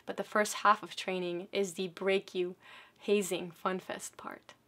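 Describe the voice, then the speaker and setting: A woman telling a personal story as a speech, dramatic, dropping from loud bursts to hushed, near-whispered moments. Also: medium pitch, little pitch movement, unhurried.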